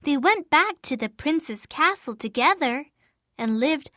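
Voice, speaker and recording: A woman narrating a fairy tale in a clear, careful storybook reading for language learners. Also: sits high, lively intonation, measured pace, bright, forceful tone, no room sound, studio quality.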